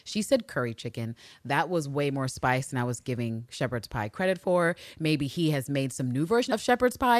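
Podcast lady, low-ish voice that swings all over, dry close sound, acts out every line. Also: dry recording. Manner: animated, acts out characters' lines, swears freely. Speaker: podcast co-host. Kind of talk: casual chat recapping a TV show.

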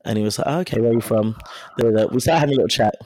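Man telling a frank, animated story. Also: medium pitch, racing, no room sound. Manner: animated storytelling, acting out quoted dialogue; frank and profane. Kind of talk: casual chat.

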